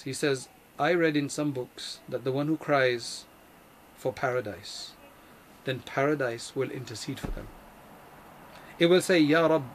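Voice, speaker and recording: A man giving a religious lesson in an earnest, emphatic way, repeating key phrases and reciting Arabic verses quickly. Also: mid-range voice, a little hiss or hum. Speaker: Islamic teacher.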